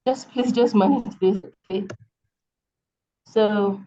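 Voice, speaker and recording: A woman's voice: mid-range voice, takes it slowly, dark tone, lo-fi sound. A woman with a Nigerian accent teaching an online English lesson, explaining patiently and often checking that students understand. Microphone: video call.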